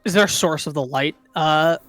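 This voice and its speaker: A man's voice: a little high, moderate pace, a bit bright, no room sound, soft background music. A man playing a tabletop game, speaking carefully with small hesitations. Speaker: player.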